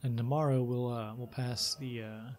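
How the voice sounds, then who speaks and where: A man from Louisiana hosting a let's play, reading the game's story text aloud and thinking out loud in a laid-back way. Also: mid-range voice, fairly even intonation, normal speed, a little hiss or hum. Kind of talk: reading game text aloud with casual commentary.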